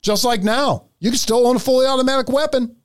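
High-pitched, fired-up ranting man. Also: fast talker, clear, resonant tone. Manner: profane, ranting, animated. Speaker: podcast host. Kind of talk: heated political commentary.

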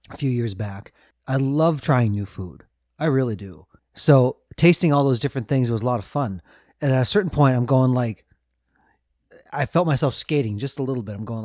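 A man co-hosting a podcast, talking in a reflective, easygoing way and laughing often. His pitch is middling. The recording is dry and close, with no room sound. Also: brisk, a little mellow, no echo. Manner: reflective, asks questions, laughs easily. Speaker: podcast co-host. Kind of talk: casual chat.

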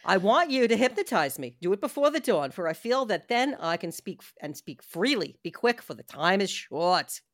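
A woman's voice: medium pitch, very animated, moderate pace, few pauses, no echo, studio quality. A woman voicing an earnest, frightened young wife who speaks urgently.

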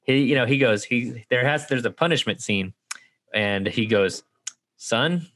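A man at a middle pitch talks through a film with friends. He is animated, jumping into the characters' lines as he goes. It is a casual podcast review chat. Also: moderate pace. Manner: animated, acts out quoted characters. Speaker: podcast co-host.

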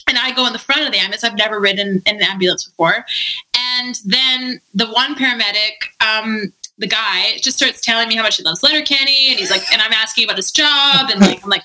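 A woman telling a story in a casual chat, animated and laughing often, with lots of "like". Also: fairly high pitch, fairly quick, rough recording. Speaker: podcast guest.

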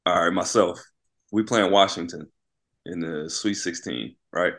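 Man, former college hooper turned high school coach, very low voice, animated storytelling, casual interview. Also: unhurried. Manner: animated storyteller, keeps asking "right?".

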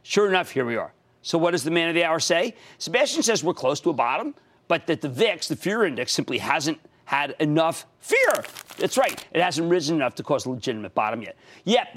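A man with a Pennsylvania accent hosting a stock market show, emphatic and excitable, breaking into shouts of enthusiasm. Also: a little high. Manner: emphatic, shouts bursts of enthusiasm, fast and animated. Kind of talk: excitable financial commentary.

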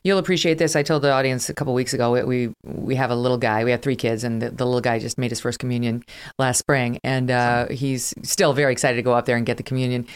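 A woman in her fifties hosts a podcast interview in a low-pitched voice. She talks quickly and casually, moving between personal stories and pointed questions. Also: steady tone, clean tone. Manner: chatty, quick, laughs often, tells family anecdotes. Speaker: podcast host. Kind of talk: conversational interview.

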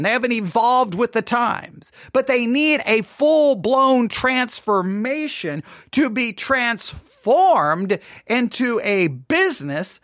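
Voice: mid-range voice, fairly bright tone, no echo, clean studio sound. A podcast host talking casually, rambling, repeating words and asking listeners rhetorical questions.

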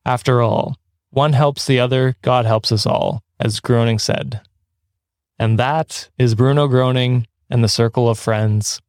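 A male podcast host in loose, chatty conversation. His voice sits at an ordinary middle pitch and sounds close and dry, with no room around it. He drifts into tangents, restarts his sentences and laughs easily. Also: fairly even intonation, unhurried, a little mellow, dry recording. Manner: rambling, self-correcting, laughs often. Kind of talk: casual podcast chat.

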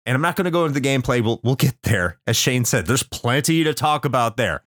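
A man's voice: medium pitch, expressive, fast, fairly bright tone, dry recording, clean studio sound. A man hosting a podcast, chatting casually and enthusiastically about a game, often repeating words as he gets going. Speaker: podcast host. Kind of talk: casual chat.

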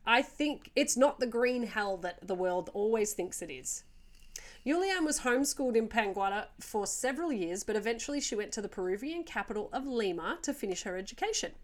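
A woman's voice: a little high, animated, a little fast. A woman hosting a casual storytelling podcast, chatting through the tale with joking asides and easy laughter.

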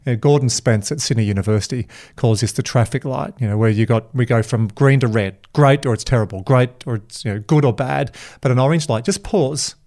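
Energetic male podcast host. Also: mid-range voice, brisk, hardly any pauses. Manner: energetic, emphatic, animated storytelling. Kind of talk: casual podcast chat.

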